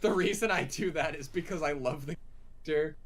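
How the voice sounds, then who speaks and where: Fairly quick and a bit bright with a breathy edge, this slightly high male voice belongs to a young podcast co-host. He rambles about movies casually, curses freely, and slips into silly voices.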